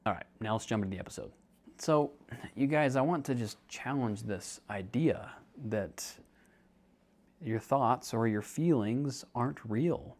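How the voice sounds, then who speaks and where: This podcast host and counselor is a young man whose mid-range voice is slightly mellow and measured in pace. Casual and jokey, he walks listeners through ideas and keeps addressing them as "dude."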